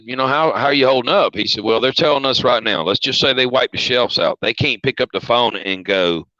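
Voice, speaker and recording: Man, Southern accent, sharp tone, dry close sound, folksy, casual chat. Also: lowish voice, dry recording. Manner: folksy, plain-spoken. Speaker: truck driver, guest. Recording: dull lo-fi audio.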